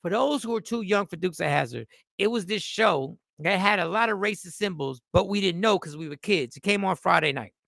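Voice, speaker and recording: A middle-aged man hosting a show, riffing casually and jokingly, swearing freely and reading comments out loud. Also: sits high, fairly quick, gravelly, no room sound, clean studio sound. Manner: animated, joking, swearing, reads chat comments aloud. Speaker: host.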